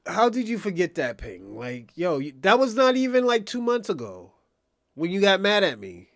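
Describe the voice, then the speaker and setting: A man's voice: high-pitched, huge pitch swings, moderate pace, a bit bright, no room sound, studio quality. A man hosting a livestream in casual talk, rambling and profane, repeating himself and needling viewers by nickname. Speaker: livestream host. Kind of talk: casual livestream commentary addressing chat.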